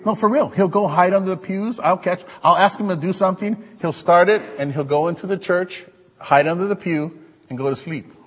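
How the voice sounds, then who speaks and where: Husky preacher guy, kinda high voice, big echoey church hall, jokes around a lot. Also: fairly quick. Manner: animated, joking storyteller with the congregation. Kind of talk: sermon.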